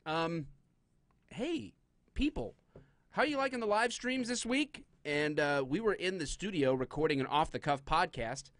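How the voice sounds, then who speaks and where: A middle-aged man co-hosting a live stream, joking around with a voice that leaps all over the place. His pitch sits a bit high, and the sound is close and dry with no room echo. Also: a little slow. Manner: joking, animated, playful voice shifts. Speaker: podcast co-host. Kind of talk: casual live-stream chat.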